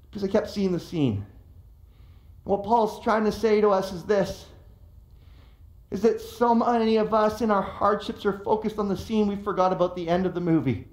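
A middle-aged man preaching a sermon as pastor, telling stories in an animated, emphatic way. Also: high voice, fast. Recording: echoey room.

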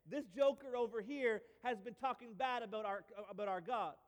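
A man's voice: extremely high pitch, normal speed, big-room sound. A man voicing an eager, earnest young shepherd boy who insists on telling his story.

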